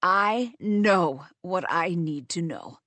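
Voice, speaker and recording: A woman voicing a grieving, vengeful young woman who speaks low, hushed and cutting, in an audiobook. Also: animated, slow, dry recording. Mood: contemptuous. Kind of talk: audiobook character voice.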